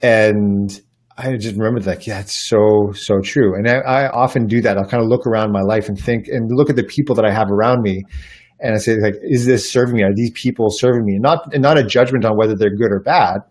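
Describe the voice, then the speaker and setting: A man's voice: fairly low pitch, brisk, a little mellow. A man guest on a podcast interview, talking in an earnest, reflective way and telling stories, often restarting his sentences. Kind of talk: casual conversational interview.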